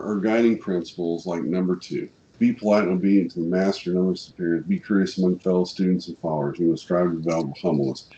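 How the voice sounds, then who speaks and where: Deep-voiced Missouri man, blunt and fired up. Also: mellow, muffled recording. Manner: plainspoken, gets fired up and blunt. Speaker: podcast co-host. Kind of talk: casual podcast chat.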